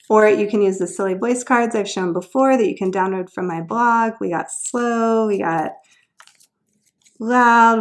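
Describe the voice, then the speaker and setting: A woman sharing homeschool tutoring ideas in a casual, upbeat instructional video, explaining each activity and then showing how it goes. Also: mid-range voice.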